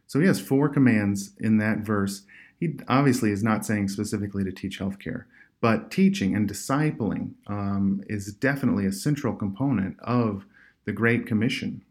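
A man giving an earnest conference talk as a medical missionary, halting and full of fillers and restarts. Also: fairly low pitch, a little mellow. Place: remote online session.

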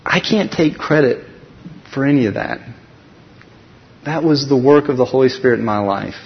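A man speaking at a conference, telling a personal faith story with lively acted dialogue and frequent restarts. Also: mid-range voice, normal speed. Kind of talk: personal testimony talk. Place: large conference hall. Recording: dull recording in a reverberant hall.

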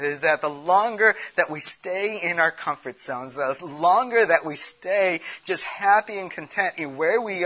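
A man's voice: on the high side, pushed and bright, highs cut off. A man giving an earnest, conversational sermon, asking his listeners rhetorical questions. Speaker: preacher.

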